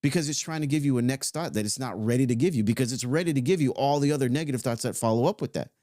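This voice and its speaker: A man's voice: mid-range voice, mellow, dry recording. Laid-back male self-help speaker, mid-range voice, conversational and slangy, dry close recording. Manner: loose and conversational, with swearing and slow stretched-out phrases. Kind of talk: casual motivational talk.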